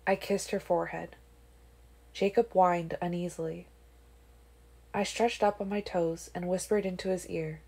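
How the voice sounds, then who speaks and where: Soft-voiced woman reading a novel aloud. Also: lowish voice, fairly even intonation, a little slow, long pauses, slightly rough. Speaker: audiobook reader.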